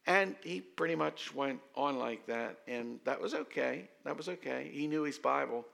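Gravelly, bright-toned pastor in his fifties. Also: a little high. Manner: conversational and self-deprecating, with dramatic pauses. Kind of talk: storytelling sermon.

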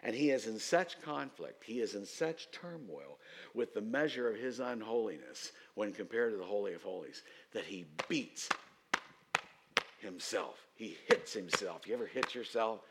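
A man preaching a sermon as pastor, telling stories and rising to loud, emphatic outbursts. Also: fairly low pitch, lively intonation, moderate pace, a little hiss or hum.

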